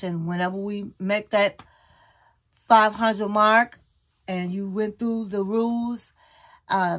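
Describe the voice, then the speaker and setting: A woman hosting her own channel, chatting casually to camera and telling a story in an animated way with sudden jumps in pitch. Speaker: YouTube channel host.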